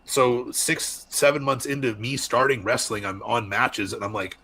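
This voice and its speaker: A young man from Arizona, a wrestler, chatting candidly as a podcast guest and telling lively stories. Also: mid-range voice, normal speed, slightly rough. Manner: candid storyteller, animated voices in anecdotes. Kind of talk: casual podcast interview.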